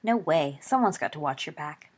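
A woman voicing a loyal, joking teenage schoolboy with a lively, teasing way of talking and a husky voice. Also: low-pitched, moderate pace. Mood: playful.

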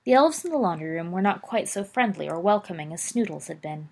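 Female reader, airy breathy tone, steady story narration. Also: on the low side, brisk. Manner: even storytelling with small slips. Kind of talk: fan fiction read aloud.

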